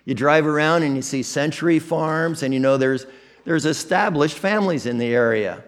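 A man's voice: a little high, moderate pace. A man with an American Midwestern accent, a pastor delivering a conversational sermon with frequent restarts and candid asides. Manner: conversational, self-deprecating, with many restarts.

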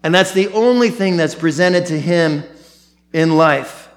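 A man preaching a sermon as pastor, animated, acting out the quotes he tells. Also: a little high, measured pace.

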